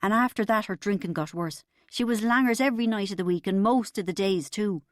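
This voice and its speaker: A woman's voice: medium pitch, brisk, no room sound, studio quality, lightly acted. A woman doing a bitter, boastful husband. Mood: indignant. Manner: pompous, aggrieved, insistent. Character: boastful middle-aged Irish husband, bitter.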